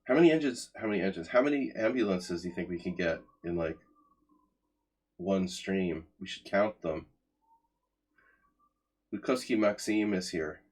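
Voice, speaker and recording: A man's voice: deep voice, measured pace, pauses often. A man in his forties giving sardonic, chatty commentary while he plays chess on a live stream and talks to his chat.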